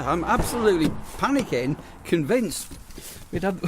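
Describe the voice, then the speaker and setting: A middle-aged man, chatting casually and rambling through animated stories. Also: high voice, normal speed, few pauses, slight background noise. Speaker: vlogger, campsite warden. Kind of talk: casual chat.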